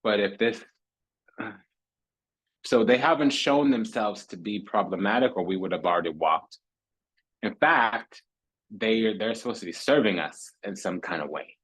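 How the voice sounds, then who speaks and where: A man's voice: fairly low pitch, animated, a little slow, pauses often, fairly bright tone, slightly rough, low-quality recording. A man giving a casual tarot reading, sassy and theatrical, calling listeners honey and darling and repeating phrases for emphasis. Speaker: tarot reader.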